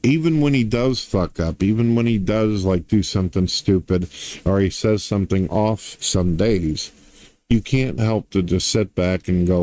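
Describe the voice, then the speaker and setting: A man's voice: sits low, moderate pace, dark tone, no room sound. A middle-aged man ranting to his viewers in a crude, blunt, swaggering way, swearing constantly. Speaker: online commentator. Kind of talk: profane rant to camera.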